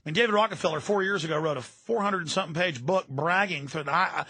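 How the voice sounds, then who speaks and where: A man's voice: a little high, quick pace, few pauses, bright, forceful tone, husky, dry recording. A man hosting a radio talk show, delivering an intense, ranting political monologue and repeating words when worked up. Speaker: radio host.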